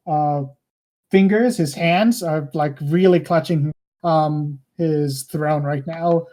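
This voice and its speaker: A woman's voice: deep voice, dark tone. A woman game master narrating a tabletop game with many hesitant fillers.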